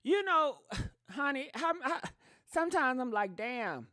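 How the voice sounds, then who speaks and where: A woman hosting casual livestream commentary in an animated, sassy way, talking straight to her viewers. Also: high voice, a little slow, no room sound, clean studio sound. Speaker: commentary channel host.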